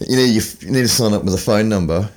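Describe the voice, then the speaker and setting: A man's voice: fairly low pitch, racing, rough recording. A man, co-hosting a podcast in casual, rambling chat, swearing freely and acting out stories. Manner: rambling, swears freely, acts out phone calls. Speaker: podcast co-host.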